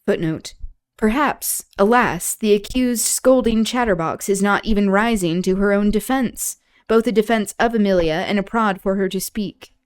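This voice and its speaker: A woman's voice: mid-range voice, moderate pace, smooth, no echo, clean studio sound. Woman host, casual streamed book talk, blunt, irreverent, swears. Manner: irreverent, blunt, frequent fillers, swears freely. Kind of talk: casual reading and commentary on a livestream.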